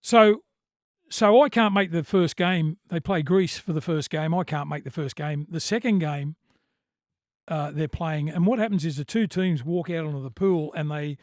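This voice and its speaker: Animated Australian man telling yarns. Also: fairly high pitch, normal speed, dry recording, studio quality. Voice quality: blokey, animated storyteller with lots of filler. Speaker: podcast guest. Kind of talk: casual storytelling chat.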